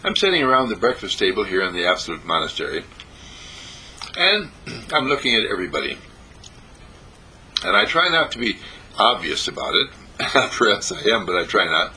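Bright-voiced spiritual teacher, lively cadence. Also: male voice, on the low side, normal speed, pauses often, a little hiss or hum, poor audio. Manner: gentle, repetitive, sing-song emphasis. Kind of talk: spoken meditation talk. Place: monastery breakfast table.

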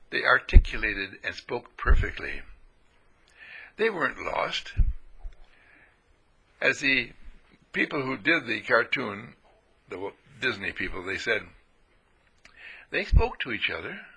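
A man preaching a folksy spiritual sermon, animated and playful, swooping into high voices for sheep and characters. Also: vocal fry, husky, poor audio.

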